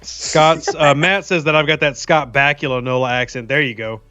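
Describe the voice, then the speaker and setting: A man's voice: a little high, steady tone, moderate pace, pushed and bright, soft background music. A man from Louisiana with a light Southern accent, hosting a casual gaming livestream and reading viewer comments aloud. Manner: chatty, reads viewer comments aloud, teasing. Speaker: livestream host.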